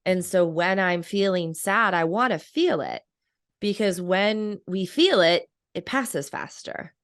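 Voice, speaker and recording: A woman's voice: fairly low pitch, animated, slow, dry recording, clean studio sound. A woman in her thirties, a coach and author, talking reflectively in a podcast interview and laughing often.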